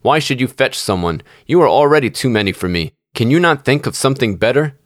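A man voicing a grumpy, greedy little old male dwarf in a storybook reading, shrill and scolding. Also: lively intonation, brisk, no echo, clean studio sound, lightly acted. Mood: snarling. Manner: snarling, scolding.

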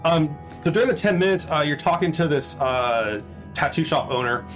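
A man narrating a tabletop role-playing game as game master, relaxed and halting, with many fillers and restarts. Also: a little high, over music.

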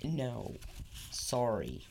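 A woman's voice: a bass voice, big pitch swings, extremely slow, creaky, a little mellow. A woman co-hosting a podcast in casual chat, teasing and often laughing as she tells a story. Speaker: podcast co-host.

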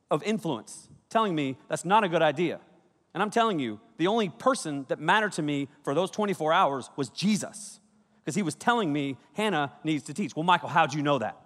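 A man preaching a youth sermon, energetic and conversational, with sudden loud bursts. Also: a little high. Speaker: youth pastor. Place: large auditorium. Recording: reverberant hall.

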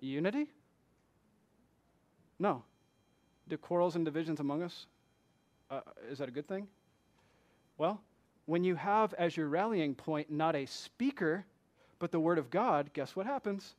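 A man with a notably high voice delivers a conversational sermon as pastor. He talks to the congregation like a friend, firing off rhetorical questions and jumping from hushed asides to loud, emphatic bursts. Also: lively intonation, normal speed, long pauses.

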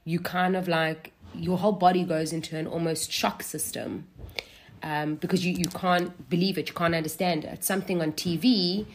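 A woman from South Africa with a South African accent, talking as a podcast guest in a relaxed way with wry humor. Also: on the low side, moderate pace, slight background noise. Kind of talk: casual conversation.

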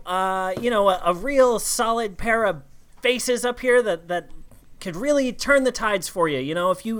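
A man playing a male adventurer who pitches himself to a king in a rambling salesman patter full of fillers. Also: a bit bright, clear, resonant tone.

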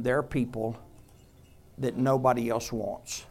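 A man preaching a sermon in a conversational way, quizzing the congregation and dropping to a hush on tender points. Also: medium pitch, expressive, a little slow. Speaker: pastor.

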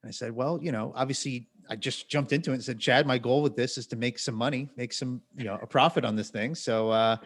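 A man telling a story on a podcast in an ordinary, mid-pitched voice. His delivery is loose and rambling, with plenty of restarts and asides. A wry, self-deprecating tone runs through it. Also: steady tone, fast, few pauses. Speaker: podcast co-host. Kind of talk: casual storytelling.

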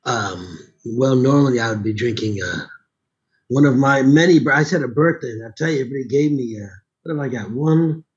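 Hoarse middle-aged voice actor, casual and rambling, muffled lo-fi sound. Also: male voice, mid-range voice, a little fast. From Chicago, USA. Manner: rambling, with frequent restarts. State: sore throat. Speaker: voice actor and audiobook narrator. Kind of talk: casual conversation.

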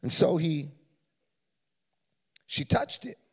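Husky high-voiced preacher in a church. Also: male voice, lively intonation. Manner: fervent, rising to shouts, drawn-out stresses. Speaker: pastor. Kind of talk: sermon. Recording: long reverb of a large church.

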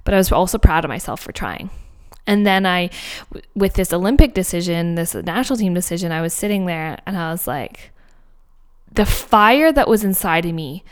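Animated woman telling a story. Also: on the low side, moderate pace, clean tone. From Canada. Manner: animated, emphatic, with frequent laughs and fillers. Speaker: podcast host. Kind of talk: personal storytelling monologue. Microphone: home office microphone.

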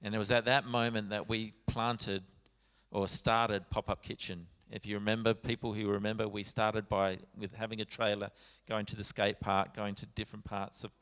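A low-voiced man preaches a sermon in a church sanctuary with a long reverb tail. He tells a personal story and voices the other people's lines. His speech is full of small restarts. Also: fairly bright tone. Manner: storytelling with quoted dialogue, many restarts. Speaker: pastor.

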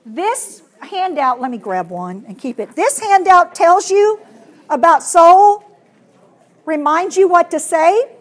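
A woman with a high voice leads a hands-on workshop for teachers. She talks in an animated way and slips into playful voices to show how children answer. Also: slow pace. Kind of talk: classroom workshop talk.

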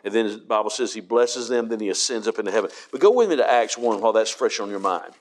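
A man with a fairly low voice leads a church Bible study. He talks in a loose, conversational way, full of little fillers and self-corrections. He reads scripture passages aloud between his asides. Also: lively intonation, fast talker, slight background noise. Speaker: pastor.

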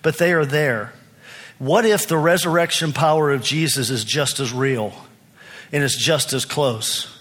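A man's voice: a little high, unhurried, a bit bright. Man preaching a conversational sermon. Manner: earnest, conversational preaching with frequent restarts. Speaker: pastor.

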